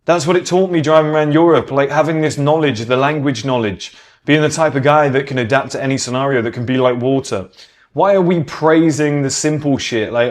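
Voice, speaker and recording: A man's voice: medium pitch, fairly quick. A British man giving a casual, opinionated monologue. He talks with emphasis, swears freely and acts out the people he quotes. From Britain. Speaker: podcast host.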